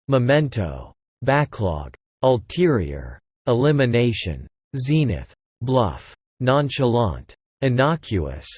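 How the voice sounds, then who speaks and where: Man slowly reading an English word list. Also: medium pitch, husky, no echo. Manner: reads single words one after another, slowly and evenly. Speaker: vocabulary reader.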